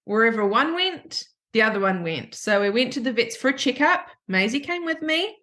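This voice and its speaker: An Australian woman with a somewhat high voice tells a personal story on her podcast. She talks in a heartfelt, animated way and acts out what everyone said. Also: moderate pace. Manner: emotional, animated retelling with quoted dialogue. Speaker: podcast host.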